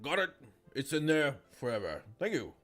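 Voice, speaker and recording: Lively-voiced man joking at a game table. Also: fairly high pitch, moderate pace. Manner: joking, crude, animated. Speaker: player. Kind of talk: casual tabletop game chat.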